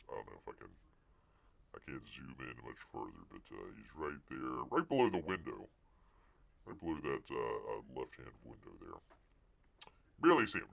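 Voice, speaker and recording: A man's voice: sits low, creaky, a bit bright. A man hosting a live stream, chatting casually and jokingly about pictures on screen, sometimes calling himself in the third person. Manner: jokey, rambling, calls himself Bear in third person. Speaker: live-stream show host.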